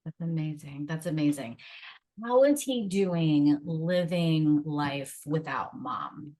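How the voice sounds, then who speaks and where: A woman hosting a podcast, responding reflectively and gently to her guest. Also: low-pitched, expressive, slow. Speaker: podcast host. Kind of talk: interview conversation.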